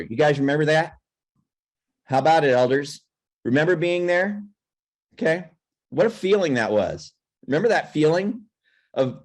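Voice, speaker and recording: A man's voice: fairly high pitch, very animated, normal speed. A man hosting a live coaching call on video, giving an encouraging pep talk in a repetitive, restarting way. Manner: repeats and restarts phrases, pep-talk manner. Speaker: host of a mortgage coaching call.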